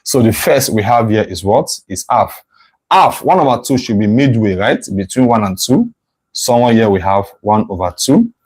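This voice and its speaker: A man's voice: fairly low pitch, big pitch swings, normal speed, darkish tone, breathy edge, poor audio. A male math tutor teaching a live online lesson, thinking aloud as he sketches a curve, correcting himself and checking in with "right?".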